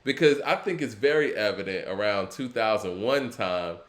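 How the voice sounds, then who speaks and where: Low-voiced male co-host, laid-back, reflective, trails off softly; casual hip hop talk. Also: animated, moderate pace. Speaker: podcast co-host.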